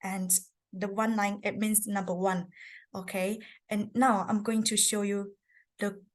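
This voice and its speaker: A woman, teaching a beginners' lesson on characters and tones, patiently explaining step by step. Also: mid-range voice. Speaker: language teacher. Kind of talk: presenting a Chinese lesson.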